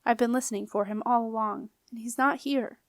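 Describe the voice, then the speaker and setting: A woman voicing an earnest young princess girl in a storybook reading, with a soft manner. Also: a little high, fairly even intonation, brisk, no echo, clean studio sound, natural voice.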